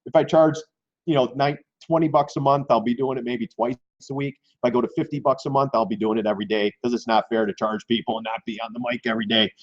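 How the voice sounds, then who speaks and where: A man hosting a live stream on stock trading, talking loosely and mocking himself, often clearing his throat. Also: mid-range voice, steady tone, fast talker, lo-fi sound. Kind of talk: casual live-stream market commentary.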